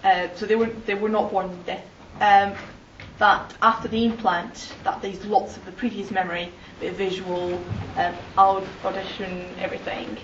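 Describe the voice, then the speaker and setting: A woman's voice: medium pitch, level tone, normal speed, a little hiss or hum. A woman in the audience asking a hesitant question, with many fillers. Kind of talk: question from the floor. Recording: roomy, distant, lo-fi hall audio.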